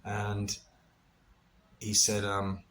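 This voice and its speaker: A middle-aged man casually recounting a personal experience, animated and full of restarts, with laughter and the odd swear. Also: fairly low pitch, drawn-out words, a little hiss or hum. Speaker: vlogger recounting a ceremony experience.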